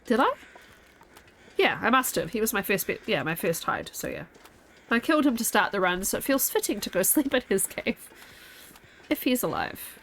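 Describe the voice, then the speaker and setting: A woman's voice: mid-range voice, big pitch swings, normal speed, pauses often, fairly bright tone, slight background noise. A young woman streaming a game, chatting casually with her viewers while sleepy and yawning. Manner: chatty, rambling, talks to chat. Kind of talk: casual gameplay chat.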